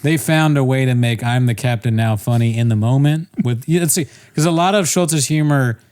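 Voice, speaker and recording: A man at a middling pitch, chatting loosely on a comedy podcast. He riffs and jokes in an easy, rambling way. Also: normal speed, darkish tone, smooth. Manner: loose, joking, laughs often. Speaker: podcast co-host. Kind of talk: casual comedic chat.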